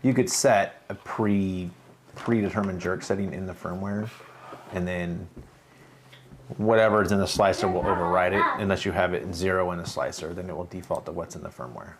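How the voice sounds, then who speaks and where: A man hosting a casual livestream, talking through printer setup step by step in a relaxed way with fillers. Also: deep voice, fairly quick, noisy background. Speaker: host. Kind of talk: casual livestream tech talk.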